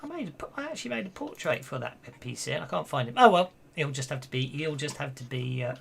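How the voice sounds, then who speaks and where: A man running a tabletop game as game master, chatty and halting, often breaking into laughter. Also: fairly high pitch, sing-song, vocal fry, fairly bright tone, husky.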